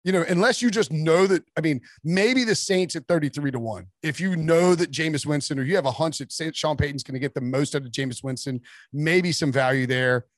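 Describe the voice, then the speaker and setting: A man talking casually as a sports writer guest on a podcast, rambling with quick asides and restarts. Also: fairly high pitch, no echo, studio quality.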